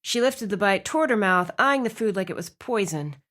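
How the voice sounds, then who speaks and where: A woman reading a romance audiobook aloud, with expressive narration. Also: mid-range voice, brisk. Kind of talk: scripted narration.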